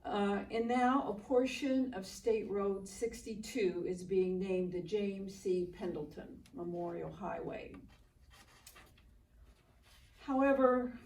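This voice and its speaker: An older woman speaks slowly and earnestly at a memorial ceremony and tells family stories in plain words. Her voice sits back from the microphone in a roomy space. A faint hum of ambience runs underneath. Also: mid-range voice, darkish tone. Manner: slow, earnest storytelling with quoted dialogue. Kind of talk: heartfelt speech at a public ceremony. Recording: roomy, distant mic with faint background noise.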